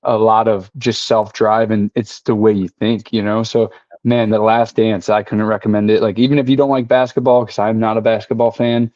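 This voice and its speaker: A man's voice: lowish voice, little pitch movement, normal speed, darkish tone, no echo. A man as a podcast guest, laid-back and casual, leaning on "you know" and "like". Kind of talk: casual chat. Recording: dry, dull lo-fi audio.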